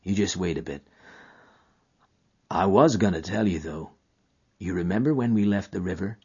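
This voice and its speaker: A man voicing a gaunt, dying frontiersman, gentle and weary, speaking in a drawling rustic dialect. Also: deep voice, normal speed, breathy edge, lo-fi sound.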